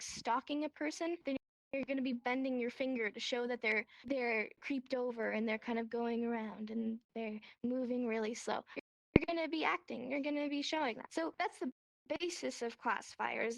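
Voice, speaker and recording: Brief: woman, high pitch, dry close sound, animated class teacher acting out examples. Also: vocal fry, dry recording. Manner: animated, acts out examples in voices. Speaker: sign language teacher. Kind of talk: casual online class explanation. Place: VR chat room.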